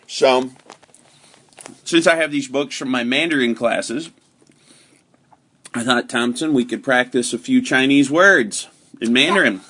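Man, home podcast host, mid pitch, upbeat and encouraging, patient teacher energy. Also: unhurried, pauses often, sharp tone, breathy edge. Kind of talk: casual home podcast chat.

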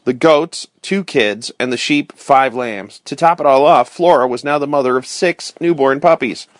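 Male storyteller, first-person read-aloud, steady and clear, dry close recording. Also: medium pitch, normal speed, no echo. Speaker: narrator.

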